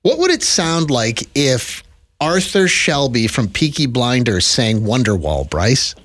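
A man from Canada co-hosting a podcast in casual chat, animated and laughing often. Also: mid-range voice, unhurried. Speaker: podcast co-host.

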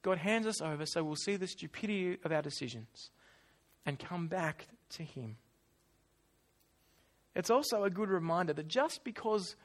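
Man, high pitch, sermon, lively preaching, quiet asides. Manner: animated, acts out whiny voices, drops to quiet asides.

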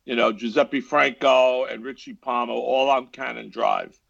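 A man from the Bronx with a New York accent, a guest actor chatting in a relaxed way with frequent pauses over a video call. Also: mid-range voice, gravelly, lo-fi sound. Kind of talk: casual interview chat.

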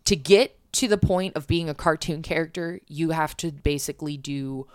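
Woman, low voice, casual chat, filler-heavy, dry close sound. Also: normal speed, clear, resonant tone, no room sound. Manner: chatty, lots of fillers and restarts.

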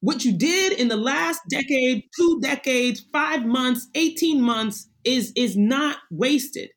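A woman in her forties, a guest in a conversational interview, talking in an animated, emphatic way and acting out little voices as she goes. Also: sits high, slow, rough recording.

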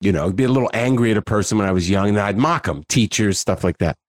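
A man's voice: fairly low pitch, fast, dry recording, clean studio sound. A man in his forties, a guest in a casual interview, telling stories animatedly and acting out the dialogue. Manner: animated storyteller, acts out dialogue.

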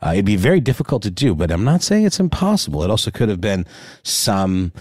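A man's voice: on the low side, very animated, fast talker, darkish tone, no echo, studio quality. A man co-hosting a casual talk show, rambling and hedging with lots of fillers as he thinks aloud.

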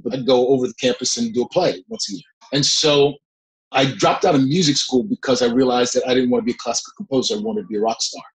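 A middle-aged man, a guest actor, telling a long behind-the-scenes story in a lively way, often breaking into laughs. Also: medium pitch, rough recording. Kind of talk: anecdotal storytelling.

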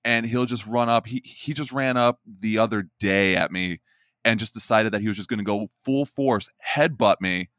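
A man's voice: lowish voice, normal speed, fairly bright tone, dry recording, studio quality. A man in his thirties hosting a podcast, enthusiastic and hyping up his guest in casual chat. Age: 30s. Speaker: podcast host.

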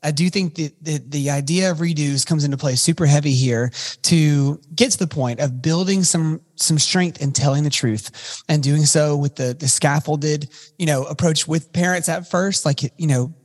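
A man's voice: fairly high pitch, moderate pace. A man co-hosting a casual podcast conversation, rambling, restarting his sentences and filling the gaps with ums. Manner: rambling, with frequent restarts and fillers. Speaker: podcast co-host. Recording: long reverb in the room.

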